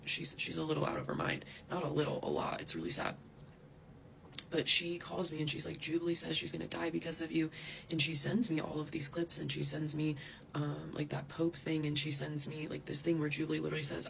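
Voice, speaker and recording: A woman vents straight into the camera, heated and profane, her complaints spilling out in rambling asides. Her voice carries a rough, creaky texture. A faint hiss of noise sits under the recording. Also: low-pitched, low-quality recording. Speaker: social media creator. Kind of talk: angry direct-to-camera rant.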